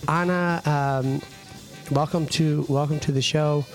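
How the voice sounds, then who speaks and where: A man's voice: a little high, fairly even intonation, slow pace, faint music behind. Rambling male podcast host in a coffee shop. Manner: rambling, many fillers and restarts. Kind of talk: casual podcast chat.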